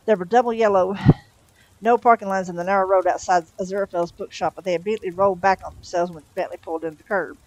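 A woman's voice: medium pitch, fast, no room sound, poor audio. Woman reading a novel aloud. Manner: steady, with small slips and restarts. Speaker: storyteller.

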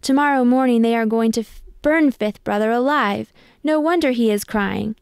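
A woman's voice: fairly high pitch, moderate pace, vocal fry, smooth, no room sound, clean studio sound. A woman reading a picture book aloud, voicing a far-seeing young brother who calls out in alarm. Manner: exclaiming in alarm.

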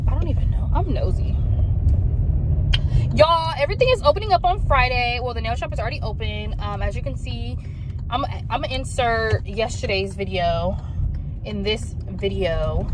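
A woman with a high-sitting voice vlogs while driving her car, chatting and ranting in relaxed, slangy everyday speech, with background noise in the recording.

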